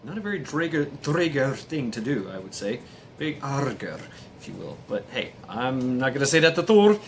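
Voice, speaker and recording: A man's voice: mid-range voice, sing-song, normal speed, slight background noise. A man casually retelling a myth, rambling and hesitant with many fillers. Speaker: storyteller.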